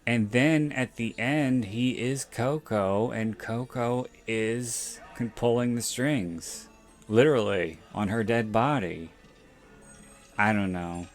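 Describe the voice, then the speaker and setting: A man hosting a podcast, reviewing a horror episode in casual chat, sounding exasperated, skeptical and halting. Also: mid-range voice, faint music behind. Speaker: podcast host.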